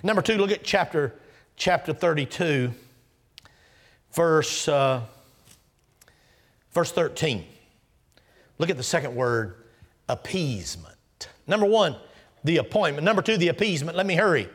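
A man in his sixties preaches with emphasis, marking each point by number. His voice sits a touch high, and now and then he drops to a hushed aside. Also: animated, normal speed, pauses often. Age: 60s. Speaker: guest preacher. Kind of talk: sermon.

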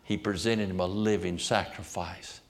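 Low-voiced man preaching a fervent sermon. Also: fairly even intonation, moderate pace, creaky. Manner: fervent preaching with long scripture recitation, rising to impassioned peaks. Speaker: pastor.

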